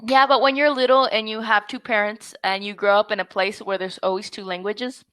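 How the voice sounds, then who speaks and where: A woman tutor on a video call, coaching a learner through English pronunciation with patience and a friendly tone. Her voice sits at a middle pitch, and the sound is dry and close. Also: fairly even intonation, a little fast, fairly bright tone, clear, resonant tone, no echo. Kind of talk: online English lesson.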